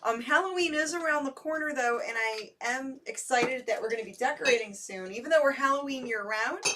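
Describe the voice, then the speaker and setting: A woman's voice: sits high, brisk, far from the mic, noisy background. A woman co-hosting a casual live-stream chat, greeting viewers and laughing easily. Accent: Ohio. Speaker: co-host.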